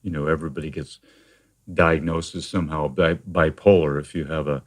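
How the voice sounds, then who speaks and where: A man with a very low, deep voice talks as a therapist being interviewed. He explains things in a measured, steady way, often pausing on fillers and restarting phrases as he goes. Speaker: therapist guest. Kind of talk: conversational interview.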